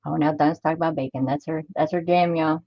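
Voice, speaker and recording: A woman's voice: deep voice, steady tone, fast, no room sound, lo-fi sound. A woman chatting casually on a crafting livestream, talking to herself as she works and greeting viewers by name.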